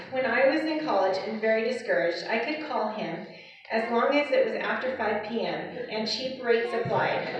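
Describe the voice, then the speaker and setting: A woman reading a prepared eulogy for her father in a steady, scripted way. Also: on the high side, noisy background. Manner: steady, read from a script, with light laughs. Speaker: daughter giving a eulogy. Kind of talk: prepared eulogy read aloud. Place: funeral service hall. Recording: echoey hall, far from the mic, dull.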